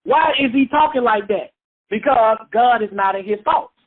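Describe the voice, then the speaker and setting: Over a phone line on a radio call, a Bible teacher with a mid-range voice speaks at a normal pace. He leads a call-and-response study, going back over points and putting questions to listeners.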